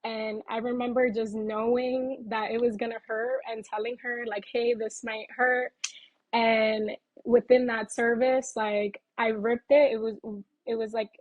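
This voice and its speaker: A woman's voice: fairly high pitch, level tone, a little slow, no room sound, highs cut off. A woman who works as a waxer, telling a client story in casual chat with many fillers. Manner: loose, filler-heavy storytelling.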